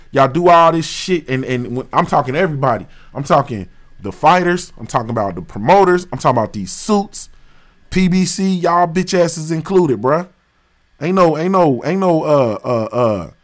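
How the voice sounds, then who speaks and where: A man from Dayton, Ohio, hosting a boxing talk livestream in a heated, profane, slang-filled rant. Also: a little high. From West Dayton, Ohio, USA. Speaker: boxing talk show host.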